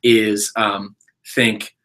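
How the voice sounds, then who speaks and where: A man co-hosting an educational talk show, reflective and philosophical, slowing down to stress key points. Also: on the low side, flat delivery, a bit bright. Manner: philosophical, reflective, slows for emphasis. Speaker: co-host, educator. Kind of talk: conversational educational podcast.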